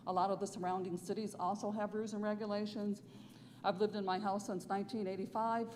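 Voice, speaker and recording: A woman's voice: medium pitch, little pitch movement, quick pace, a little mellow. A woman earnestly explaining a neighborhood concern during public comment at a council meeting. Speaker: resident speaking at public comment. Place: council chamber. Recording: meeting hall mic with long reverb and faint noise.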